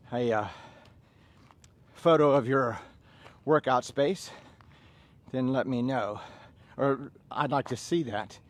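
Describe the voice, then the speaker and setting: A middle-aged Southern American man leading a workout class, calling out drill-style commands between laid-back stories. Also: mid-range voice. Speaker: fitness instructor.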